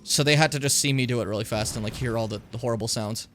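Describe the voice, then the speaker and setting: Very fast and mid-range, this man's voice comes with slight background noise as he chats casually during a gaming stream with a co-host. Animated and jokey, he curses freely and breaks into silly impressions.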